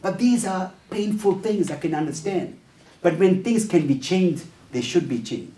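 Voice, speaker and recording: A man's voice: high-pitched, animated, moderate pace, dark tone. A man giving a workshop talk on family life, telling stories and acting out the dialogue with hesitant fillers. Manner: storyteller who acts out the dialogue in changed voices, with frequent fillers. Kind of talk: lecture told through stories. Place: talk venue, roomy space. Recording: roomy echo, distant mic.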